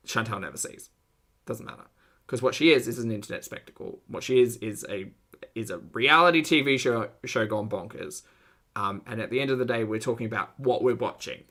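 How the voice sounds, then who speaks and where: A man's voice: medium pitch, a bit bright. Dry, sarcastic man commentating. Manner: dry, sarcastic, wry asides. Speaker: commentary host. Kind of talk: reaction commentary.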